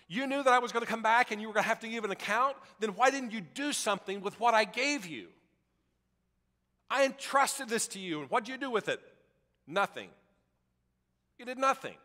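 A man's voice: sits high, pushed and bright, big-room sound. A man acting out an angry wealthy master who scolds a lazy servant, in an exasperated, insult-heavy way.

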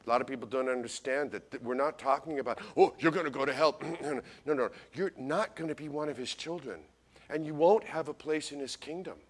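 A man preaching a Christmas sermon as pastor, folksy and animated, talking straight to his congregation and swinging from loud to hushed. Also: medium pitch, a little fast. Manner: folksy, addresses congregation directly.

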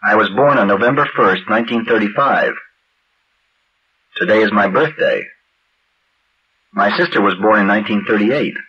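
A man reading English practice phrases slowly and clearly for learners, on a dull lo-fi vintage recording. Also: fairly low pitch. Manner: measured, carefully enunciated drill reading. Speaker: language teacher.

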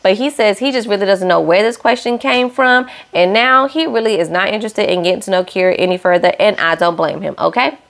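A woman's voice: medium pitch, fairly quick, gravelly, few pauses, a bit bright. A young woman hosting a casual reality-show recap, sassy and opinionated, scolding the cast directly.

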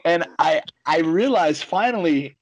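A man telling stories in a casual podcast chat, animated and swearing freely. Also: fairly high pitch, a little slow, dry recording, poor audio. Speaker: guest, jiu-jitsu coach and fighter.

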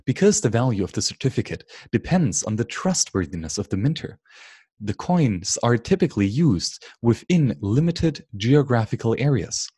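A man's voice: mid-range voice, mellow, slightly rough, no room sound, clean studio sound. A man reading an economics book aloud, stumbling and restarting words now and then. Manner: unscripted reading with frequent slips and restarts. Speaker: audiobook reader.

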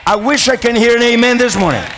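A man's voice: extremely high pitch, fast, a crowd in the background. A man preaching a sermon as pastor, emphatic, repeating key lines and calling for amens. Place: large church hall. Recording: long reverb of a church hall.

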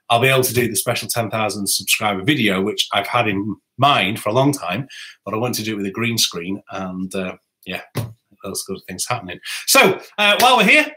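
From his home music room, a saxophonist and YouTuber hosts a rambling live stream, chatting and responding to viewer comments. His voice sits at medium pitch with a sharp tone.

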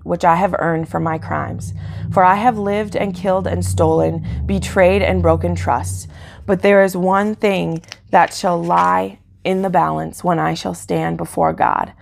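A devoted warrior husband speaks his solemn farewell in a hushed voice, read aloud by a woman. The tone is low and gravelly, delivered plainly and quietly, with no accent attempted.

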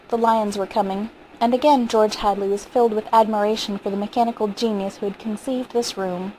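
A woman reading a short story aloud in a steady, vivid narrating manner. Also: medium pitch, a little fast, few pauses, a little hiss or hum, low-quality recording. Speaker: audiobook reader.

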